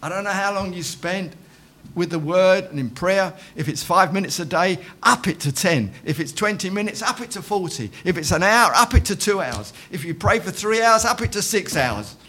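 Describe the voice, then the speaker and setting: High-voiced man preaching a sermon. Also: expressive, moderate pace, pushed and bright. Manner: emphatic, repeats phrases, calls out amen. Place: church.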